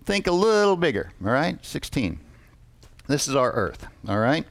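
A man with a fairly high, very animated voice delivers a sermon. He keeps it interactive by questioning the congregation, and reads scripture aloud in measured tones.

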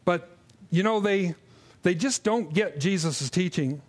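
High-voiced man preaching earnestly. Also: unhurried. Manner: earnest, repeats words, frequent restarts and fillers; drops low and quiet when mimicking grumbling. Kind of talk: expository sermon.

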